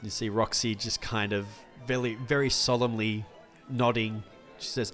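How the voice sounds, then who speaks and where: Man, game master, relaxed narration, fillers, tabletop game. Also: lowish voice, moderate pace, soft background music.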